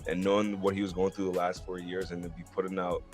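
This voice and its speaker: A man's voice: low voice, flat delivery, fast, soft background music. A man hosting a sports podcast in casual chat, talking earnestly and calling his guest "man" and "bro". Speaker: podcast host.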